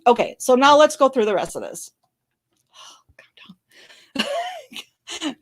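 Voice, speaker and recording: A woman hosting her own channel, commenting on a legal case in a fast, blunt, candid way while tearful and crying on and off. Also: on the high side, very animated. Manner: fast, blunt, candid talk with many apologies and restarts. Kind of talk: emotional live-stream commentary. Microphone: camera recording.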